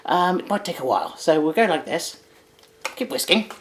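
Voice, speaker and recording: A man's voice: on the high side, sing-song, normal speed, a bit bright. A man hosting a comic in-character cooking demo, jokey and rambling with self-correcting asides. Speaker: cooking video host.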